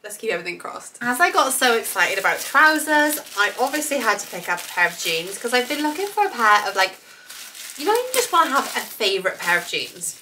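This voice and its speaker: A British woman in her thirties talks her way through a clothing haul in a chatty, meandering way, full of fillers and excitement. Her bright, forward voice is a little hoarse, as if she is still getting over a cold. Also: fairly high pitch, fairly quick, slight background noise, poor audio. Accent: British English. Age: 30s. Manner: chatty, rambling, enthusiastic, many fillers. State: slightly hoarse, recovering from illness. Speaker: fashion vlogger. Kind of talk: casual try-on haul chat.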